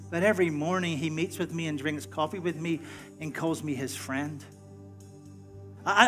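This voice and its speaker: A man's voice: a little high, fairly bright tone. A man pastor closing a sermon and praying in a casual, conversational way, often stumbling and restarting words.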